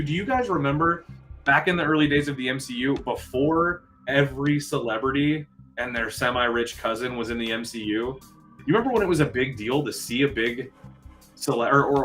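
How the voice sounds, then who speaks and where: Male live-stream host, bright and forceful tone, talks straight to viewers, soft music in the background. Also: medium pitch. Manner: chatty, excitable, talks straight to viewers and reads comments. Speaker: channel manager hosting a live movie news show. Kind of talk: casual live-stream movie chat.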